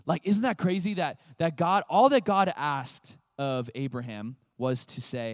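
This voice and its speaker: Animated man preaching to youth. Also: on the high side, moderate pace, no echo, studio quality. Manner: animated, chatty, acts out voices. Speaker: pastor. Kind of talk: casual youth sermon.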